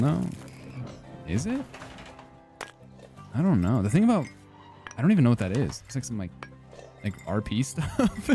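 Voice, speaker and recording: A man's voice: fairly low pitch, dark tone. A young man streaming a game and chatting casually with viewers, rambling with lots of fillers and self-deprecating asides. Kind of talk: casual gaming stream chat.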